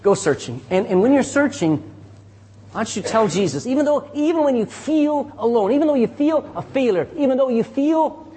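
Lively high-voiced preaching man. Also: normal speed, breathy edge. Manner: lively preaching with call-and-response. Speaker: pastor. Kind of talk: sermon.

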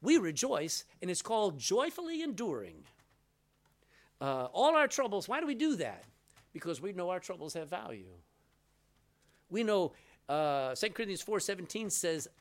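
A man's voice: fairly high pitch, very animated, normal speed. A middle-aged man preaching a sermon, telling stories and acting out quoted lines with changes of voice. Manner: storytelling, acts out quotes with voice changes. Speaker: pastor.

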